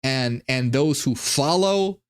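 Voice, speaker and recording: A man's voice: medium pitch, animated, slow, clear, resonant tone. A man hosting a channel, giving a rambling, profane monologue with many restarts. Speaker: channel host. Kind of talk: monologue commentary on ancient texts.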